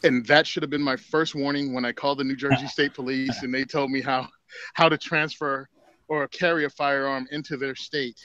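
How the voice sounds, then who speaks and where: A man from Southern Virginia chats easily as a podcast guest, with a relaxed, country-style way of telling his story. His voice sits at a middle pitch and comes through a video call that sounds dull, dry and close, with no room around it. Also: brisk, no echo. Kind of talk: casual chat.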